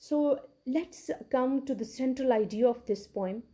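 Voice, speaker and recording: Slow, mellow-voiced woman teaching literature. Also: high voice. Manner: slow, repeats key words, checks understanding with "okay". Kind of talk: recorded classroom lecture.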